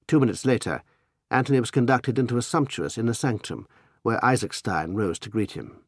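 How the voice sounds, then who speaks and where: A man narrating a classic mystery audiobook with expressive, measured storytelling. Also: mid-range voice, breathy edge, no room sound, studio quality. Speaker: audiobook reader. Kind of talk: scripted narration.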